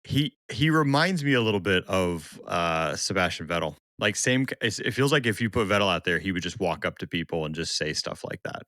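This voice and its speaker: A man co-hosting a casual sports podcast, telling stories with lively energy and acting out quotes. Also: deep voice, brisk, few pauses, no room sound, studio quality. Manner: animated storyteller, acts out quotes. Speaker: podcast co-host. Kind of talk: casual chat.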